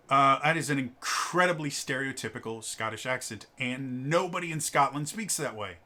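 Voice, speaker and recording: A man giving a casual spoken review of a tabletop game book, halting with lots of fillers and stammered repeated sounds, opinionated and exasperated. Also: mid-range voice, pushed and bright. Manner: opinionated, exasperated about stereotypes.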